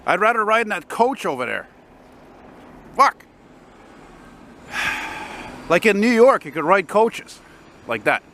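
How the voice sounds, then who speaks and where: A man's voice: sits high, sing-song, normal speed, pauses often, a bit bright. A man, walking through snowy city streets and telling a rambling, profanity-laced story to his handheld camera. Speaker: vlogger. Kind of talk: casual walking vlog storytelling. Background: faint city traffic.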